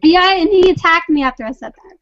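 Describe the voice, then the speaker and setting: High-voiced rambling woman guest. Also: brisk, fairly bright tone, no echo. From Pakistan. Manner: rambling, giggly, lots of fillers. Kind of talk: casual chat. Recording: dull lo-fi sound, dry room.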